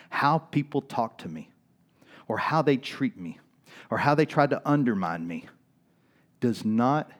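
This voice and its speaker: A middle-aged male pastor telling a story in a sermon, often checking in with "right?" and swinging from loud to quiet. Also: fairly low pitch. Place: church.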